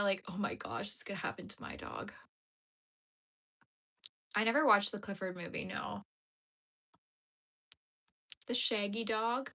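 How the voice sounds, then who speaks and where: A young woman's mid-range voice, bright and forceful, carries through her casual crochet live stream. Between stitches she chats with viewers and tears up discussing sad dog movies.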